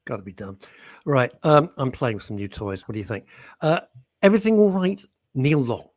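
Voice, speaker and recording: A man's voice: mid-range voice, sing-song, fairly quick, a little mellow. A man co-hosting a radio show, sardonic and grumbling as he reads out listener messages. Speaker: radio co-host. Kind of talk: casual radio banter. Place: radio studio.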